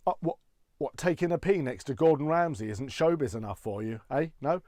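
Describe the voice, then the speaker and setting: A man's voice: on the high side, fairly quick, darkish tone, no echo. Male stand-up impressionist, chatty and self-deprecating, dry close sound. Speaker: impressionist comedian. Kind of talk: stand-up comedy set.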